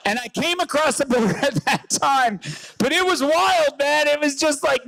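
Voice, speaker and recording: A comedian from rural Newfoundland doing loud, joking stand-up banter at an outdoor rally, often shouting to the crowd. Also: male voice, extremely high pitch, normal speed, creaky, no room sound, rough recording.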